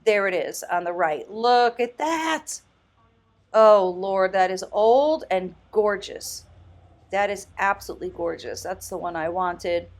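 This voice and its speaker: A woman vlogging casually as a thrift host, chatty and enthusiastic, often exclaiming and thinking out loud. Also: medium pitch, animated, unhurried. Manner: muses aloud, thinking out loud. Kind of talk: casual vlog commentary.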